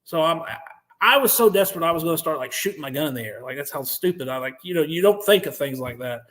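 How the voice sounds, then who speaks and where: American male guest, slightly high voice, animated, swears freely, acts out what others said. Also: quick pace. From United States. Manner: profane, animated, acts out quotes. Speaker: podcast guest, veteran. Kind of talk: interview storytelling.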